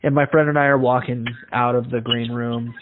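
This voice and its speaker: A man's voice: mid-range voice, little pitch movement, normal speed, background noise. A male podcast host from Iowa, telling stories in casual chat, acting out the voices in them and swearing freely. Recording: tinny phone-like lo-fi audio.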